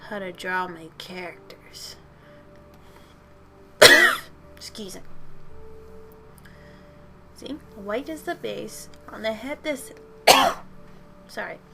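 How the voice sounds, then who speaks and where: A woman's voice: mid-range voice, expressive, slow pace, creaky, pauses often. Tired, rambling young woman drawing. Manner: rambling, jokey and self-deprecating. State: tired after work. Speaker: channel host. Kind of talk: casual chat while drawing. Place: at home. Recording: music playing behind.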